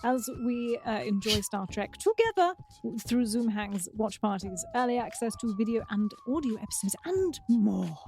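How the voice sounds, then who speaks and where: A woman co-hosting a podcast in casual chat, running the news and plugs briskly with light humor. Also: fairly high pitch, expressive, a little mellow, a little hiss or hum. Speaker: podcast co-host.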